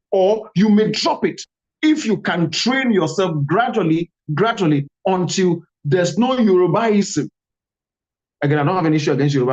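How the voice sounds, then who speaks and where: A man from Calabar, Nigeria, with a Nigerian accent, giving an animated workshop talk on pronunciation and repeating key words for emphasis. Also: high-pitched, highs cut off. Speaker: guest speaker.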